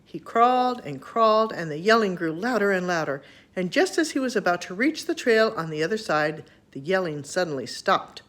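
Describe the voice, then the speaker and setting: A woman reading a children's chapter book aloud to her grandchildren, expressive and homely. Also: lowish voice, moderate pace.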